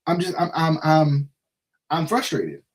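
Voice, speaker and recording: A man with a slightly high voice hosts a casual sports live stream. He vents his frustration, circles back to the same points and keeps asking "right?" as he talks straight to his viewers. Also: measured pace. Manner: frustrated, repetitive, full of restarts and "right?". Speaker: sports show host.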